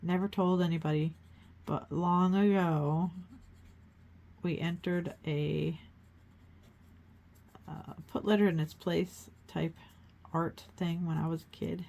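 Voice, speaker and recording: A woman's voice: on the low side, fairly even intonation, slow, gravelly, pauses often, mellow. A woman hosting a casual painting demonstration, chatting and encouraging viewers while she works. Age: adult, grown child of a mother who paints. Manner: chatty, encouraging, thinking aloud while working. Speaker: art tutorial host.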